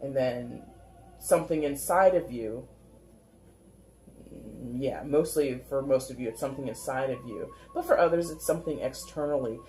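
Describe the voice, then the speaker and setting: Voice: mid-range voice, moderate pace, a little mellow, slight background noise. A tarot reader giving a casual, rambling card reading, talking in a chatty way with lots of 'like'. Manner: chatty, rambling, heavy use of filler 'like'.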